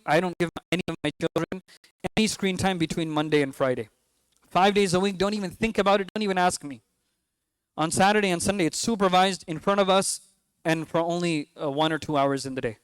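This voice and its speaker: A fairly high, clear, resonant male voice, recorded dry, belongs to a man in his twenties with a New York accent. His mosque talk to parents is conversational, full of questions for the crowd and the odd joke.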